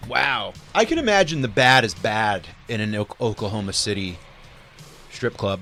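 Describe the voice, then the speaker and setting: A man co-hosting a casual talk show, reacting to stories and tossing in quick, crude jokes. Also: lowish voice, expressive, pushed and bright, faint music behind. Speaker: podcast co-host. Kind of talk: casual chat.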